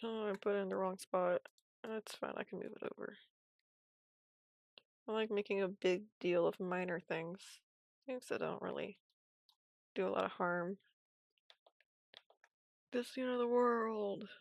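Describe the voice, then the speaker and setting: A woman streaming animation from home, giving casual commentary while she draws, in a soft, quiet, half-whispered way. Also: medium pitch, level tone, moderate pace, vocal fry, pauses often, no room sound.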